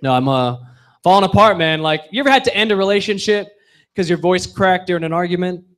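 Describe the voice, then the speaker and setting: A young man working a stand-up set into a handheld mic, his voice sitting a touch high for a man. He lands lines with a punchy, deadpan delivery and drops low and quiet for his asides. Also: fast. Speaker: stand-up comedian. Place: comedy bar stage with live audience.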